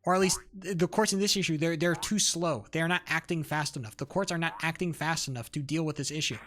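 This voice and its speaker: A man's voice: fairly high pitch, fast talker, a bit bright. A young man streamer ranting in casual chat, heated and rambling, full of fillers, restarts and swearing. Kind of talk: casual livestream rant. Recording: faint music behind.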